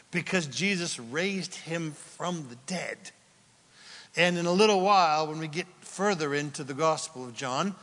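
A man preaching a sermon in a lively storytelling way, acting out the people he talks about. His voice sits high and sounds bright and ringing. The room around him is a large hall with a long reverb. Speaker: pastor.

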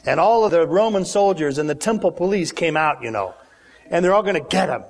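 A male preacher delivering a sermon, dramatic and animated, acting out the lines he quotes. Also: fairly quick, creaky. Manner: dramatic, acts out quotes with big pitch swings. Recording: long hall reverb.

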